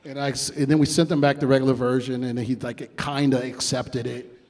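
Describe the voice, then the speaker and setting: A man's voice: mid-range voice, level tone, a little fast, darkish tone. A man, a music producer telling blunt, profane stories in an interview. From New York. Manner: blunt and heavily profane, acts out quotes. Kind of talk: casual interview storytelling.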